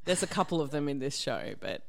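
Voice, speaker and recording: Lower-voiced animated woman director. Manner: animated, explanatory, quick asides. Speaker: theatre director, podcast co-host. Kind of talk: casual podcast chat.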